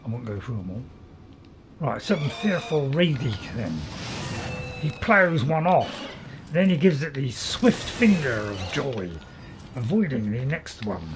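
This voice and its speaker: A man's voice: mid-range voice, very animated, takes it slowly, over music. A man commentating casually on his own game playthrough, joking and teasing himself as he goes. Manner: chatty, joking, self-mocking, tries silly voices. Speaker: gameplay commentator. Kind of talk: casual let's play commentary.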